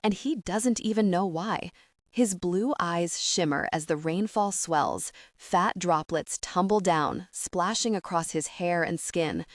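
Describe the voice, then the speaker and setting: A woman's voice: on the low side, slow pace, no echo, clean studio sound. A woman narrating a first-person romance audiobook with emotional intensity.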